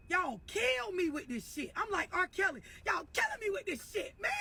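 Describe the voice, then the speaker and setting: High bright scolding woman ranting. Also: very animated, normal speed, creaky, few pauses. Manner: blunt, scolding, mocking. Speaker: online commentator. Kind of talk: profane ranting monologue.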